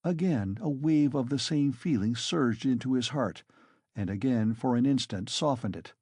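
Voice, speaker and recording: A man narrating an audiobook in a measured, even storytelling manner. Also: mid-range voice, breathy edge, dry recording. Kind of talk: scripted narration.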